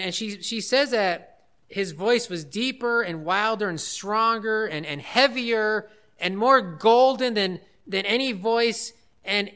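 High, bright-voiced earnest pastor. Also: male voice, smooth. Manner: emphatic, earnest, with slowed stresses. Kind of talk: sermon.

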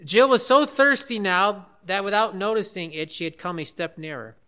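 A pastor preaching with an earnest, emphatic delivery, stretching out the words he wants to land. His voice is high for a man and bright and forceful. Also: clear, resonant tone. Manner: emphatic, earnest, with slowed stresses. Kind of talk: sermon.

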